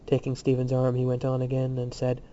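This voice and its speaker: A man narrating a literary novel in a steady, measured reading. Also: medium pitch, highs cut off. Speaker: audiobook narrator.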